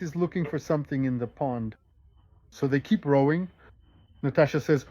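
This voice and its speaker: A man hosting a show and telling jokes in a lively, animated way. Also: on the high side, brisk, no echo. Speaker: host and joke teller. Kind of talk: casual joke telling.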